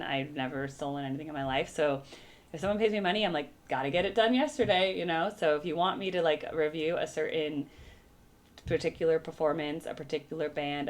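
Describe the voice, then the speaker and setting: Low-voiced chatty woman from small-town California. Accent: Northern California small-town. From Redding, California. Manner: chatty and rambling, many likes and asides. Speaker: reaction video host, vocal coach. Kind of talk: casual chat.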